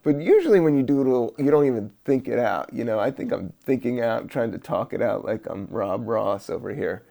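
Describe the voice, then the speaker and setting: A man hosting a podcast, rambling in a relaxed, musing way with many fillers while he doodles. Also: mid-range voice, creaky. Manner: laid-back, slow, musing with many fillers and laughs. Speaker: podcast host.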